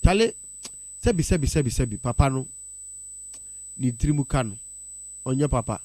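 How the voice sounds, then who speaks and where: A man's voice: mid-range voice, lively intonation, fairly quick, darkish tone, no room sound. A man with a Ghanaian accent giving heated, blunt radio commentary in a studio, mixing English with Twi. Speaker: radio entertainment pundit. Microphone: studio mic.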